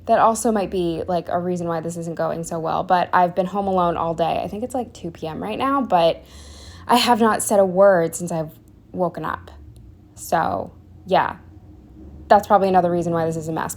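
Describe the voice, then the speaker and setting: Her voice sits on the low side and is a little mellow as she talks through her planner video. She rambles casually, restarting sentences, using fillers and poking fun at herself, slightly breathless and whispering her asides.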